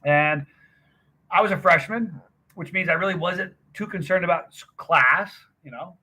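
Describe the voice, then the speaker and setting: A man's voice: fairly high pitch, normal speed, bright, forceful tone, breathy edge. A middle-aged man hosting a livestream, chatting casually with viewers and rambling through a story. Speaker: livestream host. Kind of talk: casual chat with live viewers.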